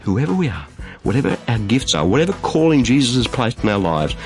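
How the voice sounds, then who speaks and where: A man preaching a sermon in an emphatic, animated way, repeating phrases for stress. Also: mid-range voice, a little fast, faint music behind. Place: studio.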